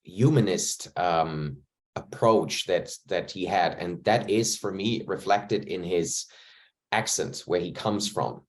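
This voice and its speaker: Man, low voice, thoughtful. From Germany. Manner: thoughtful, searching for words, measured. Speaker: actor. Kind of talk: reflective interview answer. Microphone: video call.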